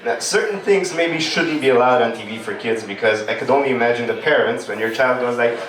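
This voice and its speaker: A man tells loose, rambling stories on a comedy club stage. His voice sits at an ordinary middle pitch. The sound is roomy and comes from some way off the mic. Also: fairly quick, a bit bright. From Romania. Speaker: stand-up comedian. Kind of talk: stand-up comedy. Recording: echoey room, distant mic.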